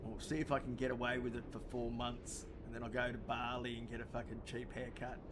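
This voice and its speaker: Australian male streamer, sweary casual banter, mid pitch, heavy background noise. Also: little pitch movement, brisk. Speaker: streamer and gaming group member. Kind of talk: casual gaming chat.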